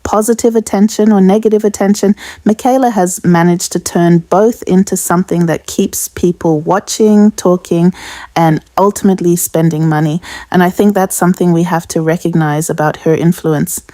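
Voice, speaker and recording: This woman narrates scripted commentary with a measured, analytical delivery. Her voice is mellow and rather low. The recording is dry, with no room sound. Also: fairly even intonation, dry recording. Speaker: channel narrator.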